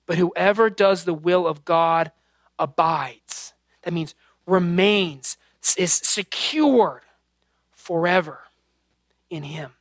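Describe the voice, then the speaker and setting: A man's voice: a little high, fairly even intonation, takes it slowly, no room sound, clean studio sound. A man in his thirties preaching a sermon, earnest and conversational, mixing scripture with personal family stories. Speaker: pastor.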